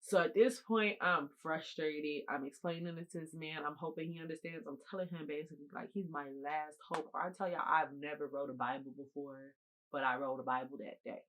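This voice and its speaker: A woman in her twenties telling viewers a college story in an animated, emphatic, slangy storytime monologue. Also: low-pitched, a little fast, poor audio.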